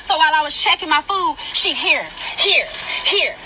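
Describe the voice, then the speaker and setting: A woman with a very high voice, recorded on a phone from inside her car with clear background noise. She complains in an indignant, insistent way and curses freely. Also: expressive, moderate pace. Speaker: customer filming a complaint. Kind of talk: filmed confrontation. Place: fast-food drive-thru, in a car. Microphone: phone camera. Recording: noisy phone video from a car.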